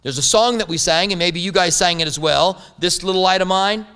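A man's voice: high voice, a little fast, bright, forceful tone, clean tone. A man preaching a sermon as a pastor, telling stories with humorous asides. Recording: long hall reverb.

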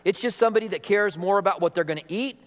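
A middle-aged man preaching a sermon in a church sanctuary, with a rather high voice for a man. His delivery is animated, and he acts out the people he quotes. The sound carries a long hall reverb. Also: very fast. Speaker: pastor.

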